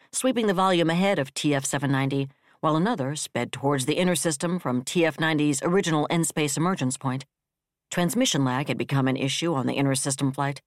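An audiobook narrator reading military science fiction in a steady, even storytelling manner. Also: mid-range voice, no room sound, clean studio sound.

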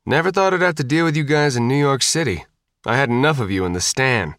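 A man's voice: medium pitch, animated, fast, fairly bright tone, no room sound, studio quality, pitched above the performer's own voice, natural voice. A man narrating an audiobook, voicing a world-weary, cynical male soldier. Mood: disgusted. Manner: clipped, disgusted, world-weary.

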